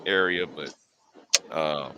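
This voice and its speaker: A man's voice: extremely low pitch, very slow, pushed and bright, slight background noise, low-quality recording. A man hosting a casual chat, stumbling over repeated words and fillers. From Texas.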